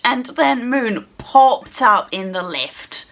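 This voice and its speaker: A woman's voice: a little high, takes it slowly, few pauses. Exasperated woman ranting. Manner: swearing heavily, exasperated, animated. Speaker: gaming vlogger. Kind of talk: angry gaming rant.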